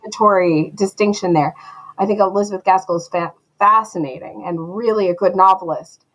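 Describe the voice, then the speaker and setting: A woman author talking as a podcast guest, lively and self-deprecating, laughing easily. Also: medium pitch, brisk, poor audio. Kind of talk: casual interview chat.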